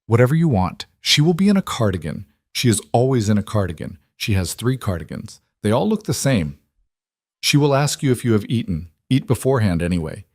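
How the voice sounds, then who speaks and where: A man voicing a reserved crime boss, who speaks calmly in clipped, formal sentences. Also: lowish voice, brisk, no echo, studio quality. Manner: calm, clipped formal sentences without contractions. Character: quiet controlled reserved male crime boss.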